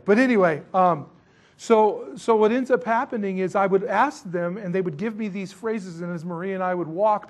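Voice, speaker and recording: A middle-aged man preaching in a rambling, chatty way, with self-mocking asides. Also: fairly high pitch. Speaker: pastor. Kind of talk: sermon with missionary stories.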